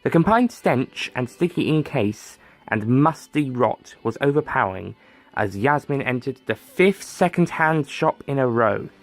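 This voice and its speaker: A man's voice: mid-range voice, lively intonation, measured pace, faint music behind. A man narrating a story in a dry, wry scripted read.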